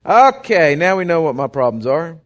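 A man's voice: on the high side, big pitch swings, normal speed. An older man preaching a folksy sermon in a church, his voice strained and worn. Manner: preachy, folksy, with bursts of loud calls. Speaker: pastor. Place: church sanctuary with monitors and reverb.

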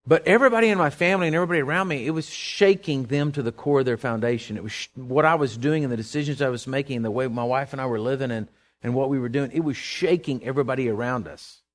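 A man preaching a sermon, animated and storytelling, breaking into sudden loud outbursts. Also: medium pitch, quick pace.

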